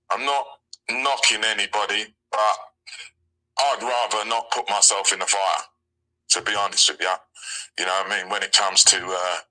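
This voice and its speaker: A man's voice: low voice, pushed and bright, low-quality recording. A man with a London accent, chatting casually in a live audio chat, rambling with lots of "um" and "you know what I mean". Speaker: crypto community member.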